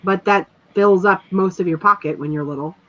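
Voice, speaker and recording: A woman's voice: on the low side, a little fast. A woman in casual chat, rambling and filling her talk with "like", on a dull lo-fi recording. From rural area. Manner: rambling, chatty, lots of "like".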